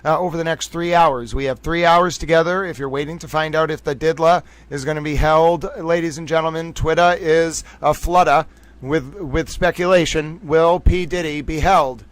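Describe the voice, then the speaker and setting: A man with a hard Boston accent hosts a live stream, speaking to his audience in a showy, theatrical way. His voice sits a little high and comes through smooth and clear. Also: fairly even intonation, fairly quick, few pauses, no echo. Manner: theatrical, repeats catchphrases, addresses viewers directly. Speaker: livestream host.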